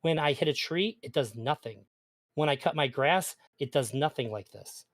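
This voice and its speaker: A man appearing as an interview guest in a casual debate argues earnestly and animatedly, often stumbling and restarting his sentences. He has a mid-range voice and speaks at a normal speed.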